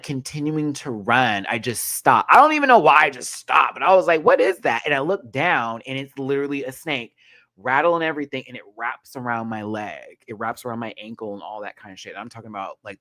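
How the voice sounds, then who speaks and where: Man, casual recap host, low voice, animated storytelling, dry close sound. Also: no room sound. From Texas. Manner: animated storytelling, jumps high when excited. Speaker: show host.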